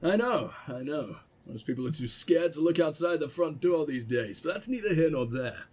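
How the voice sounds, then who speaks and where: A man reading aloud as a self-reliant male prepper, pushing his voice lower and rougher. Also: expressive, normal speed, darkish tone. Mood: folksy. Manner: attempted gruff, lower voice. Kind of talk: reading a game message aloud in character.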